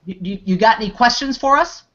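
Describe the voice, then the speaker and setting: A man's voice: high-pitched, fast talker, fairly bright tone. A man hosting a live online Q&A, talking in a rambling way with many restarts and fillers. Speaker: host. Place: online video hangout. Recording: dull lo-fi video call audio.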